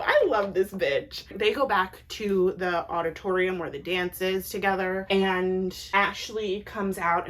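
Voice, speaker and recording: A young adult woman recapping TV episodes in a casual, chatty way, with lots of "like" and blunt opinionated asides. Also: medium pitch. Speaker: TV recap vlogger.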